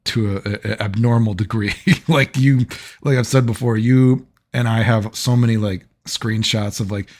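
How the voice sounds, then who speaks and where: A man's voice: fairly low pitch, steady tone, normal speed, darkish tone. A man vlogging, telling personal stories in a loose, rambling way, full of fillers and frequent laughter. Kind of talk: casual rambling storytelling.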